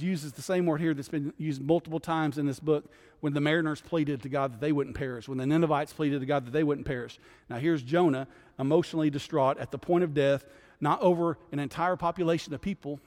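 A man's voice: on the high side, fairly even intonation, brisk, darkish tone, long reverb tail. A man who is a guest pastor, teaching a Bible study in a conversational way and often checking in with "right?".

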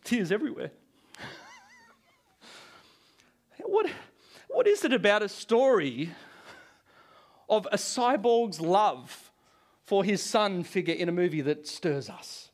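Preaching a Good Friday sermon, a pastor tells stories to his congregation with a joking touch, chuckling often. His voice is high-pitched and expressive, and he takes his time.

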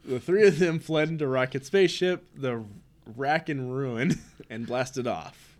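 Young male co-host at ordinary pitch, reading a comic summary with wry chuckles. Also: unhurried. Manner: wry, chuckles at odd names. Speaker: podcast co-host. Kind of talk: casual chat, reading a comic summary aloud.

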